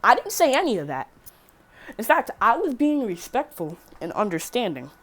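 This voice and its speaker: A woman's voice: on the high side, sing-song, normal speed, a bit bright. A teenage girl rambling through a casual storytime vlog, swearing freely and correcting herself as she goes. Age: teen. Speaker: vlogger.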